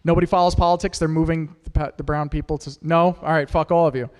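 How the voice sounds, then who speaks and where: A man's voice: on the high side, steady tone, quick pace, darkish tone, in a large hall. A man doing a stand-up set at an open mic, crude and self-deprecating as he teases the audience. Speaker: stand-up comic. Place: small performance studio with a live audience.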